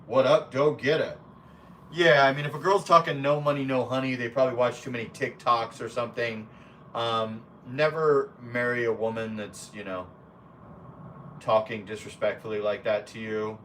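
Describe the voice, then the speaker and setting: A man's voice: medium pitch, fairly even intonation, normal speed, fairly bright tone, distant mic. Casual male streamer reading chat aloud, blunt and foul-mouthed, mic set back with a light hiss behind. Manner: blunt, profane and rambling. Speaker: expat live streamer.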